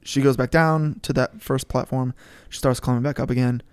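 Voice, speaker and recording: A man's voice: mid-range voice, steady tone, moderate pace, clear, resonant tone, no echo. A young man in his twenties co-hosting a casual faith podcast, telling stories earnestly and often repeating words as he thinks. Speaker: podcast co-host.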